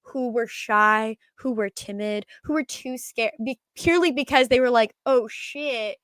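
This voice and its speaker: Crisp-voiced young woman telling stories. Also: on the high side, normal speed, no room sound. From Minnesota. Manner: animated, laughing, telling anecdotes. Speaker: podcast guest. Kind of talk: casual storytelling.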